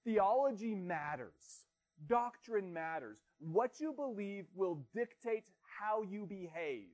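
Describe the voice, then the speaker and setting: A pastor in his thirties delivers a sermon in a notably high voice. He talks earnestly and plainly, posing rhetorical questions to his listeners. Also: animated, takes it slowly, a little mellow.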